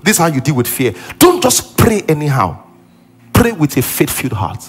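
A man's voice: a little high, wildly swooping pitch, normal speed, slightly rough. A man preaching a sermon as pastor in a church auditorium, building to exclaimed emphasis.

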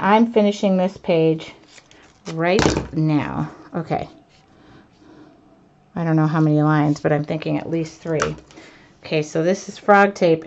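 A woman artist chatting to her live viewers as she works, excitable and self-mocking, laughing often. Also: fairly low pitch, slight background noise. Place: home art studio, indoors. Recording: dull lo-fi stream audio.

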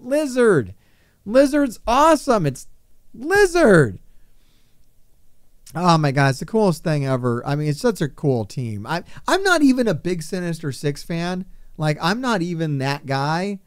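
Excitable high-voiced gaming commentator. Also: male voice, smooth, no room sound, studio quality. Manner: excitable, exasperated rants. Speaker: gaming YouTuber. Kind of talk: casual commentary on game updates.

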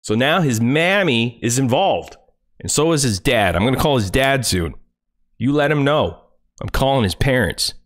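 A man's voice: mid-range voice, expressive, moderate pace. Furious, profane man ranting on stream. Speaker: livestreamer. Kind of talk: angry livestream rant.

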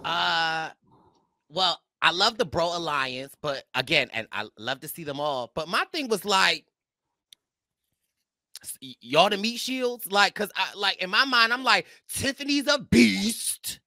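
A man's voice: on the high side, expressive, measured pace, pushed and bright, no echo, studio quality. A man hosting a podcast, chatting casually about a reality show, playful and slangy as he acts out his own reactions. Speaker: podcast host. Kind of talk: casual reality-TV recap chat.

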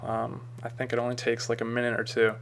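A man talking through a screen-recorded software tutorial in a casual, rambling way with frequent ums and uhs. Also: mid-range voice, monotone, quick pace, slight background noise. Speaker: tutorial maker.

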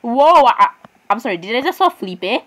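Young female gamer, chatty and excitable, slightly high voice, casual play-by-play. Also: moderate pace, a little hiss or hum, low-quality recording. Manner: chatty, excitable, keeps saying "I'm sorry" and "literally". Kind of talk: casual gameplay commentary.

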